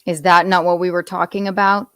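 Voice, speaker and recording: A woman's voice: lowish voice, flat delivery, a little fast, no echo. A woman hosting a podcast in casual chat, talking bluntly with heavy swearing. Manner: blunt, profane and heated. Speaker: podcast host.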